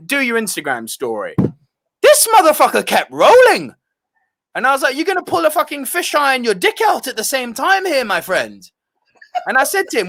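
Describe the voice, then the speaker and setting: A young man telling a rowdy, profane story on a casual film podcast. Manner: swings between loud and low tones. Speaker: podcast co-host.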